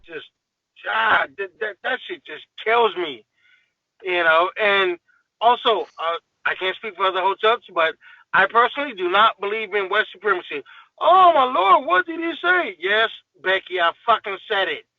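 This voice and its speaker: A man's voice: sits high, lively intonation, moderate pace, creaky, no echo, highs cut off. A man guest on a podcast, ranting in a heated, profane, emphatic way in casual talk.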